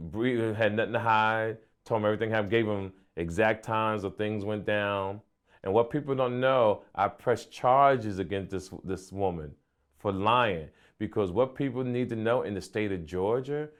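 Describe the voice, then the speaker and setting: Low-voiced man telling a story. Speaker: comedian guest. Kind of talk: recounting a personal story.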